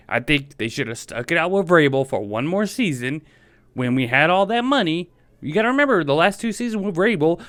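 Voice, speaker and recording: A frustrated man hosts his own sports podcast, hammering the same complaints over and over. His pitch swings widely as he vents, sitting a little high for a man. The recording is dry and close, with no room sound. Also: a bit bright, no echo. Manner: heated, repetitive, frustrated. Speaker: podcast host. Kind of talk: fan sports rant.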